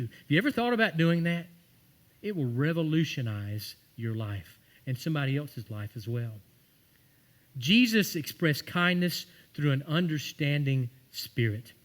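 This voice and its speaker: A man's voice: fairly high pitch, a bit bright. A man preaching a sermon in church, telling stories and acting out the voices of the people in them. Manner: storytelling, acting out quoted voices. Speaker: pastor. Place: church sanctuary.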